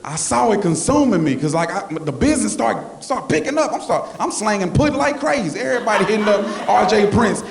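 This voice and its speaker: High-voiced man doing stand-up. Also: brisk, creaky, background noise. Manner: loud, animated storytelling with yelling bits. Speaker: stand-up comedian. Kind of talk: stand-up comedy set. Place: comedy venue stage. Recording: roomy club with loud audience laughter.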